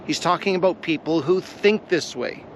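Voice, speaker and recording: A man teaching a devotional lesson on a vlog, earnest and deliberate, repeating his key phrases for weight. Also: fairly high pitch, a little hiss or hum. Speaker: Bible teacher.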